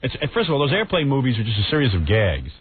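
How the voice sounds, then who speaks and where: A man's voice: mid-range voice, wildly swooping pitch, very fast, breathy edge. A man with a slight New York accent hosting a radio show, bantering bluntly and sarcastically. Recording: tinny phone-like radio audio, faint hiss.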